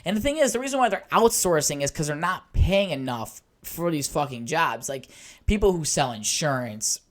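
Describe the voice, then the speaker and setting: A man's voice: a little high, animated, moderate pace. A man hosting his own podcast alone, rambling casually, swearing often, and getting worked up easily. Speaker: podcast host.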